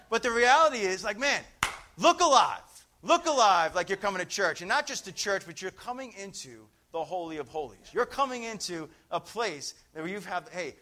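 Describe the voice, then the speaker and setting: A middle-aged man preaching a lively sermon, telling stories to his congregation. His voice sits high and sounds bright and forceful. Now and then he shouts a phrase out loud. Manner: animated storytelling, shouting out phrases.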